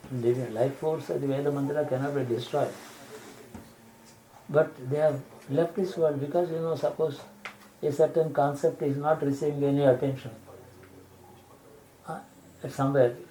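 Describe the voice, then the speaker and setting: A man giving a spiritual discourse, explaining slowly and restarting phrases to rephrase his examples. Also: a little high, mellow, slight background noise, poor audio. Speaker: spiritual teacher.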